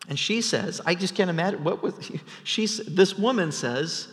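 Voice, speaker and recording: A male pastor preaches an expository sermon, telling the story vividly and conversationally with frequent restarts. His voice sits somewhat high, and the long reverb of a large sanctuary trails behind him. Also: animated, normal speed, hardly any pauses, a bit bright.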